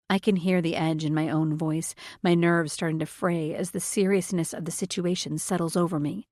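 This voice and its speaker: A woman narrating a romance audiobook in the first person, in an even, measured storytelling manner. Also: low voice, dry recording, studio quality.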